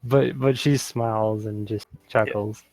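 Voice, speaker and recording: A man's voice: on the low side, steady tone, unhurried, a little mellow, no echo, faint music behind. A young man playing a character in a tabletop game, hesitant and repeating words as he describes what she does. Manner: hesitant, repeats words, narrates his character in third person. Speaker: player.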